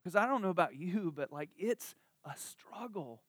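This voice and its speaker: A man's voice: high voice, lively intonation, normal speed, fairly bright tone, no echo. A man preaching a sermon at a church service in a conversational, emphatic way, drawing out the words he wants to stress.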